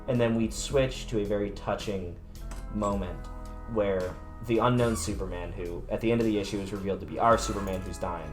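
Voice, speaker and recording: A man's voice: on the low side, fairly even intonation, fast talker, faint music behind. A man co-hosting a casual podcast about comics, talking with enthusiasm and tripping over restarts. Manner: enthusiastic, rambling, stammering restarts. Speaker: podcast co-host.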